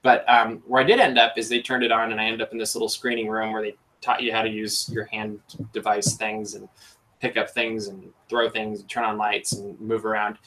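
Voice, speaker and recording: A man's voice: lowish voice, level tone, a little fast, sharp tone, rough recording. A man hosting a casual podcast chat, enthusiastic and rambling with lots of fillers. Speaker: podcast host.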